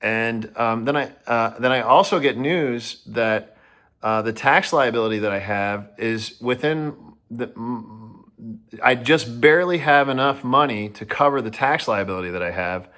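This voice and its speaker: A man telling a personal story to the camera, rambling, restarting often and sounding excited. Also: medium pitch, measured pace.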